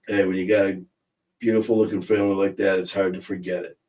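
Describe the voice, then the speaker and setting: Casual stream host, middle-aged man, low voice, rambling chat, a bit off-mic. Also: flat delivery, quick pace, a little mellow, far from the mic, poor audio. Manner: chatty, rambling, reads viewer comments aloud.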